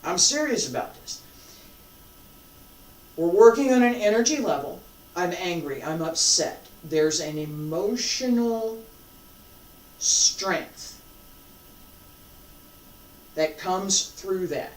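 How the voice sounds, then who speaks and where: Martial arts instructor, slow deliberate delivery, emphatic, echoey room, heard from far off. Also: mid-range voice, lively intonation, a little hiss or hum. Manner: emphatic and repetitive, swinging between loud and hushed. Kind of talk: teaching a live class. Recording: roomy sound from a distant mic.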